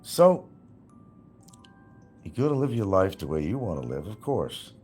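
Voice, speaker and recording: This livestream rant comes from a man whose low, slightly mellow voice moves fairly quickly and with lots of animation, faint music playing behind him. He's taunting, sarcastic and foul-mouthed, laughing at his target.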